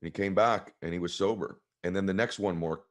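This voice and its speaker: A man with a very deep, low voice speaks as an interview guest. He sounds choked up and talks in an earnest, heartfelt way. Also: brisk. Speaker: guest author. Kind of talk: emotional storytelling in an interview.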